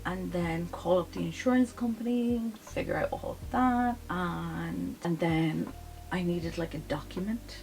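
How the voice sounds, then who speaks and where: A young woman talks straight to her viewers in a loose, chatty story, with plenty of fillers and quick self-corrections. Her voice sits a little low and carries a gravelly fry. Soft music plays quietly behind her. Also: fairly even intonation, rough recording. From grew up in the countryside on a farm. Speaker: vlogger. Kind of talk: casual storytelling chat.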